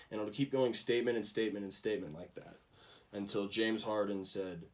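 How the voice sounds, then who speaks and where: A man's voice: on the low side, little pitch movement, quick pace, far from the mic, a little hiss or hum. A young man giving a casual class project presentation, with frequent ums and restarts. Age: young adult. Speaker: student presenter.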